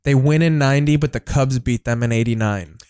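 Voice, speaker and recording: A man chats casually as a podcast co-host, his voice sitting at an ordinary middle pitch. He jokes and slips into mocking voices as he talks. The sound is dry and close. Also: a little fast, clean tone, no room sound. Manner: joking, puts on loud voices mid-story. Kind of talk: casual chat.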